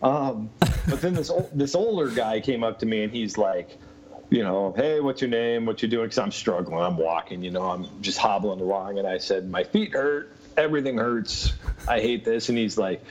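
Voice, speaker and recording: A man's voice: fairly low pitch, normal speed, darkish tone. A man telling a long personal story in casual talk, laughing often and full of fillers. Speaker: interview guest. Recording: muffled lo-fi sound.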